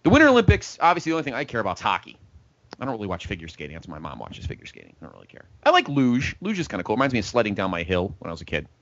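A man hosts a sports talk show, chatting casually and rambling from topic to topic. His voice sits low but swings a lot in pitch. The recording is dry and a bit dull, lo-fi. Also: rapid-fire. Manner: rambling, lively, joking. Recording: dull, lo-fi podcast audio.

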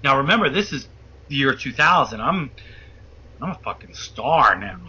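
A man telling a wild story as a guest, animated and profane, acting out the voices of the people in it. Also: medium pitch, normal speed, breathy edge. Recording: muffled lo-fi audio.

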